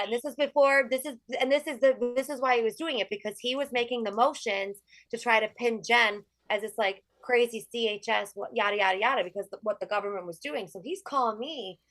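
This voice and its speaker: A woman guest telling a story in casual chat, animated, full of "like" and swearing. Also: fairly high pitch, fairly quick, dry recording.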